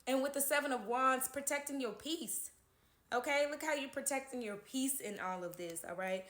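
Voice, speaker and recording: A woman's voice: high voice, moderate pace, fairly bright tone, reverberant. A woman giving a casual tarot horoscope reading, chatty, who keeps checking in with "okay?" at the end of her lines. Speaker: tarot reader.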